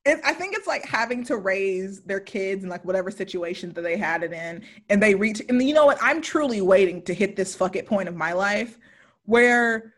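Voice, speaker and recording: A woman's voice: mid-range voice, lively intonation, normal speed, fairly bright tone. A young adult woman hosting a podcast interview in a chatty, rambling way, with casual swearing. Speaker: podcast host.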